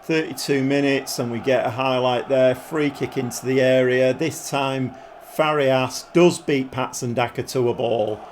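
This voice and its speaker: A man commentating his football management game like a pundit, breaking into excited outbursts at the goals. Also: mid-range voice, measured pace, slight background noise. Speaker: gaming YouTuber.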